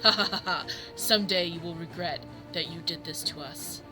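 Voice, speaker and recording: A woman's voice: on the low side, normal speed, over music, natural voice, rough recording. A woman putting on a gloating dying cultist. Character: dying vengeful male cultist soldier.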